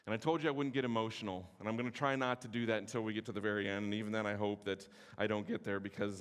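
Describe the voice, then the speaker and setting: A man, teaching at a conference in a passionate, sometimes forceful way with joking asides. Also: fairly low pitch, fast talker, clean tone. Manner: passionate, can sound forceful; self-deprecating joking asides. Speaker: conference speaker. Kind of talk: teaching sermon. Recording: long hall reverb.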